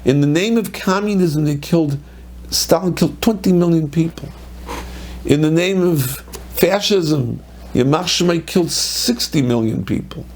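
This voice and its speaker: A man who is a rabbi giving a Torah lecture, animated, acting out quoted voices with sudden pitch jumps. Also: normal speed.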